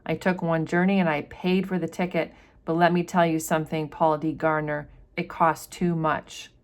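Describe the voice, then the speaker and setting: A woman's voice: sits low, flat delivery, normal speed, natural voice. A woman reading the lines of a stern, weary mother who was once enslaved, in a firm, defiant way.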